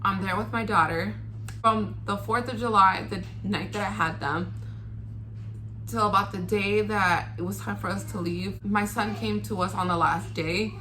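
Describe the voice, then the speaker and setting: Bright-voiced young woman telling a candid story. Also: mid-range voice, fairly even intonation, normal speed, slight background noise. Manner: candid, swears freely, acts out quoted lines. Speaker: vlogger. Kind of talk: casual storytelling to camera.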